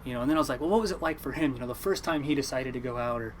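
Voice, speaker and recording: Fast-talking young man, rambling storyteller. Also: mid-range voice, slight background noise. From Oregon, United States. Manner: rambling, animated, acts out quotes. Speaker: fishing boat captain, podcast guest. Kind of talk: casual storytelling.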